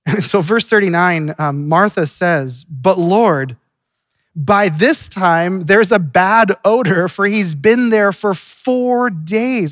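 A man's voice: sits high, animated, slow pace, a bit bright, dry recording, studio quality. A man preaching a sermon in an earnest, conversational way, often restarting his sentences. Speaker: pastor.

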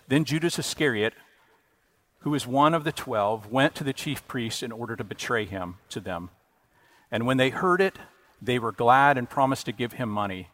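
A male pastor delivering a sermon in a mid-range voice. His delivery is earnest, swelling on key phrases and then falling soft, with the odd stumble and restart. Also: medium pitch. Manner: earnest preaching with emphatic rises and quiet drops, occasional restarts.

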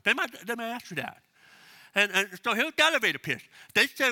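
A man's voice: extremely high pitch, sing-song, brisk, bright, forceful tone. A man preaching a sermon as pastor, emphatic and repetitive, leading the congregation to repeat phrases after him. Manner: emphatic, repeats key phrases, leads congregation call-and-response.

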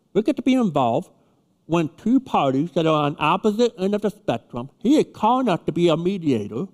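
Guy preaching in a church, voice sits high and swings all over, stresses and repeats key words. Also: darkish tone. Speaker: pastor. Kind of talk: sermon. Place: church sanctuary. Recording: long reverb of a church hall.

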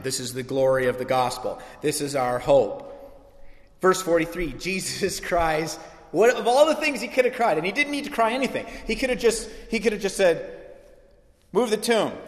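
A male pastor gives a lively sermon, slipping into quick bits of dialogue and self-mocking asides. His voice sits a little high for a man. The sound is roomy, with a long church-hall reverb behind him.

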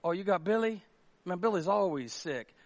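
An easygoing young fisherman drawls in casual, mumbled slang, as a pastor puts him on. His voice sits fairly high. The sound is dry and close. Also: animated, moderate pace, no echo. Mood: laid-back.

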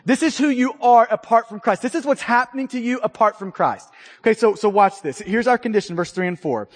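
A man preaches to his congregation in an earnest teaching tone, now and then acting out the voices in the stories he tells. His voice sits very high for a man. A long reverb from the hall trails after his words. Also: a little fast. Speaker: pastor. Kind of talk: sermon.

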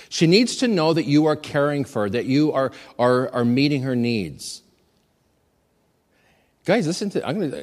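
Animated preaching man in a reverberant hall. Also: on the high side, moderate pace, pauses often. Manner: animated preaching, calls for audience repetition, jokes with congregation. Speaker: pastor. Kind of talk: sermon. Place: church sanctuary. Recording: long reverb of a large hall.

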